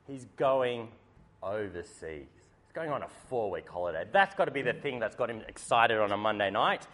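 A man giving a sermon, telling a story in a lively, humorous way. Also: on the low side, normal speed. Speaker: preacher. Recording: faint background noise.

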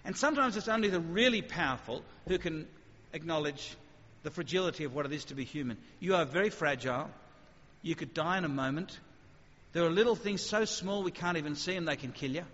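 A man with a fairly high voice preaches in a chatty, lively way and keeps asking rhetorical questions. His words ring out with a long hall reverb, and the sound is a little dull and muffled. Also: brisk. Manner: conversational, animated, rhetorical questions. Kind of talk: sermon.

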